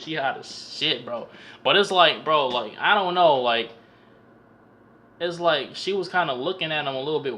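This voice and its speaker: A young man with a bright, forceful voice rambles through a casual film recap, full of slang and swearing. He stumbles and repeats words as he talks, at a middle pitch for a man. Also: a little hiss or hum. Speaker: vlogger reviewing a film. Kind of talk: casual profane comedic movie recap.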